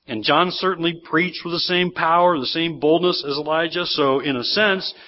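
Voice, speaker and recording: Man, pastor, sermon, animated, slightly high voice, muffled lo-fi sound. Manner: animated, acts out quoted voices. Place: church sanctuary. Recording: dull lo-fi sermon recording.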